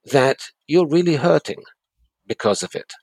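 A man's voice: fairly high pitch, lively intonation, unhurried, a little mellow, slightly rough, no echo. A man giving breakup advice in an interview, earnest and emphatic, often repeating his key points. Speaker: guest expert on breakups.

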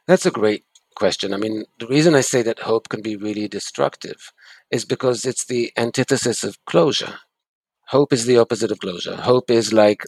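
A man with a gravelly, slightly husky voice answers questions about moving on after a breakup. He speaks earnestly and leans hard on his points. The sound is dry and close. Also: medium pitch, moderate pace, no room sound. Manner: earnest, emphatic, repeats key words. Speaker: guest expert on breakups. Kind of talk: advice interview.

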